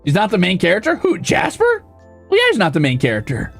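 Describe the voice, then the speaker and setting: A man with a high, lively voice rants on a stream, exasperated and profane. His tone stays sarcastic, with a gravelly edge, and faint music plays behind him. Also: brisk. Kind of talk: ranting stream commentary.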